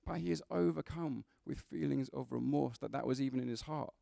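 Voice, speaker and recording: This sermon comes from a male preacher who chats easily with his flock and slips in bits of humor. He has a gravelly, warm voice pitched somewhat above the typical male range, and he talks a little quickly. The audio is close-miked and dry, without any room sound.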